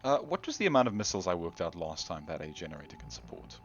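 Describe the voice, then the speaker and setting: Low-voiced man rambling over gameplay. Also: very animated, quick pace, muffled recording, faint music behind. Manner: rambling, self-deprecating, talks to the viewer. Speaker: gaming channel host. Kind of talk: casual gameplay commentary.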